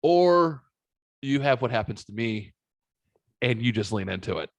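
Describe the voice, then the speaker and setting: A man's voice: mid-range voice, unhurried, no room sound. A man in his thirties hosting a podcast, telling a long story casually, swearing freely and acting out what people said. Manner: profane, animated storyteller acting out quotes. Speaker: podcast host.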